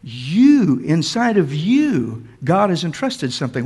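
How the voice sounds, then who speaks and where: A man's voice: fairly high pitch, very animated, takes it slowly, hardly any pauses, darkish tone, slightly rough. A man preaching a sermon to a congregation in a church, emphatic and repetitive, talking straight to his listeners. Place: church sanctuary. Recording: long hall reverb.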